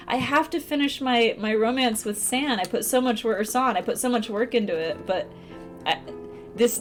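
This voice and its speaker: A young woman live-streaming a dating sim, commenting casually, reading lines aloud and breaking into high laughter. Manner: giggly, bursts into high laughter. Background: faint game music.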